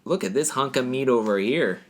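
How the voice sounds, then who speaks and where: A man's voice: mid-range voice, expressive, brisk, natural voice. Folksy Upper Midwest diner regular, rambling and sweet on someone, put on by a man. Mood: flirty. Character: lonely small-town Midwestern man flirting at a diner.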